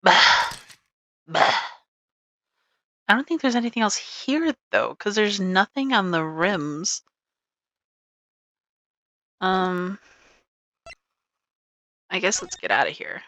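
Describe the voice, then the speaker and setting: Chatty woman playing a game, slow-paced. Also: mid-range voice, expressive, fairly bright tone. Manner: chatty, giggly, reads dialogue aloud. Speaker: let's play streamer. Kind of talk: casual game commentary.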